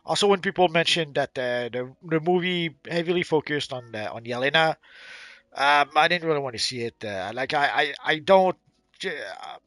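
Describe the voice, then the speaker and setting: A man's voice: fairly high pitch, lively intonation, a bit bright, dry recording. A man co-hosting a game livestream in casual chat, blunt and opinionated, often stumbling and repeating words as he talks. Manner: halting, repeats words, trails off.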